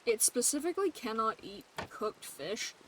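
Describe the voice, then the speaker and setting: A chatty young woman tells a story to her stream, laughing between the lines. Her voice sits a little high. Soft background hiss runs under it. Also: big pitch swings, moderate pace. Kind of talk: casual storytelling while gaming.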